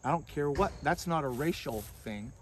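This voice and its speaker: A man's voice: on the high side, normal speed, a little hiss or hum. A man, a survival skills expert, talking as a guest in an outdoor conversation and acting out scolding voices. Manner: animated storyteller who acts out scolding voices. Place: outdoors among bushes. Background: crickets and insects.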